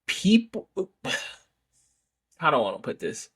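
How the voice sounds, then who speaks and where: A man's voice: fairly high pitch, huge pitch swings, a little slow, husky. A man hosting a sports podcast, giving a casual, rambling opinion monologue full of self-corrections and rhetorical "right?" asides. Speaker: podcast host.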